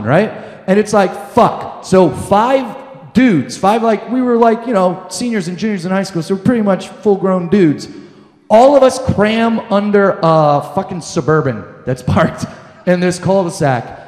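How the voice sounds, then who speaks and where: A young man telling a profane comic story on stage, animated and breaking into shouted quotes. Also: high-pitched. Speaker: comedian. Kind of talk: live stand-up storytelling. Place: lounge stage with live audience. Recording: echoey room with long reverb.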